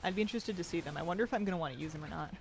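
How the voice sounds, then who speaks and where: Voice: medium pitch, racing, gravelly, a little hiss or hum. A streamer chatting casually at a home desk while gaming, reading out viewer messages and cooing at a pet cat in a playful baby voice. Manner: reads out and answers viewer chat.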